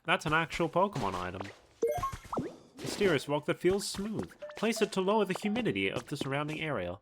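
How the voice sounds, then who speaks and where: A man gives casual commentary while he plays a video game, reading item names and messages aloud and musing to himself. His pitch moves around a lot as he talks. Game music is clearly heard behind him. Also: sing-song, moderate pace, long pauses. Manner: reads game text aloud, muses as he plays. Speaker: streamer.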